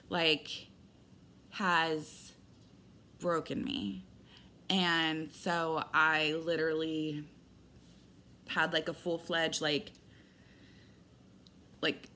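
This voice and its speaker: A middle-aged woman talks straight to her audience in a loose, rambling personal update. Her voice sits a little low, and she slips into lively retellings of conversations as she goes. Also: slight background noise. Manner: rambling, candid, animated retelling with quoted dialogue. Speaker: vlogger.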